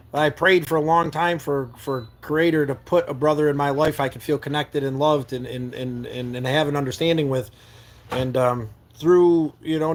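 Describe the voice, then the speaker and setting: A man from New York State hosts a live stream from his camper van, reading and answering viewer comments. His voice sits a little higher than most men's, and he speaks sincerely and earnestly. He often stumbles over and repeats words as he reaches for them.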